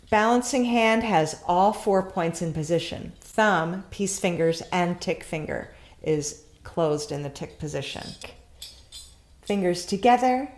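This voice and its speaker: A woman teaching a beginner tambourine lesson, guiding calmly and chanting the rhythm syllables along with her playing. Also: mid-range voice, slight background noise. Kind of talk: instructional lesson. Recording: loud tambourine playing behind.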